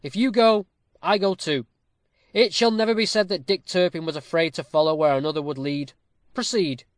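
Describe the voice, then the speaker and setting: A man reading aloud, voicing a bold, brash male highwayman who blusters and boasts. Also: moderate pace, dry recording, clean studio sound, natural voice. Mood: defiant.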